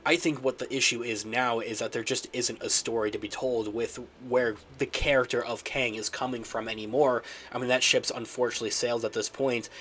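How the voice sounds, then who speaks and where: A man hosting his online channel, sounding nasal and stuffy from being sick, talking in an energetic commentary style. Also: medium pitch, a little hiss or hum. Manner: rapid, energetic channel-host patter. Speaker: channel host.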